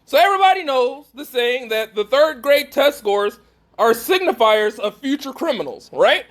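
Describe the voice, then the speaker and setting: A man's voice: very high voice, big pitch swings, moderate pace, a bit bright. A man giving a preaching talk to a live group, emphatic and putting questions straight to his listeners. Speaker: speaker at a faith gathering.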